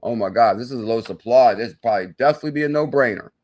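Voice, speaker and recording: A man of middle pitch hosting a live crypto stream. He talks in an excitable, salesy way, breaking into loud exclamations, then mutters through sums and chart checks as he reads the viewer chat. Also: very fast. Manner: thinks aloud while doing sums and checking charts. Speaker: crypto channel host.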